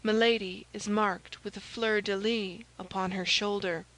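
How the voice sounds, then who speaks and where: A woman's voice: medium pitch, steady tone, unhurried, a bit bright, no echo, natural voice, poor audio. A woman voicing an agitated young male swordsman in an audiobook, speaking in a raised, pressing way. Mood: confiding.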